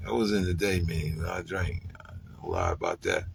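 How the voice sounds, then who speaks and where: A man telling a personal story in casual, profane speech. He ends many phrases with "man" and acts out his own past lines in a louder, higher voice. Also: wildly swooping pitch, moderate pace, vocal fry, slight background noise.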